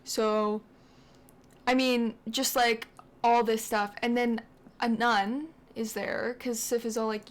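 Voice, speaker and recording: A woman's voice: a little high, flat delivery, takes it slowly. A woman hosting a gaming channel, casually retelling her game's story in a chatty, rambling way with lots of "like".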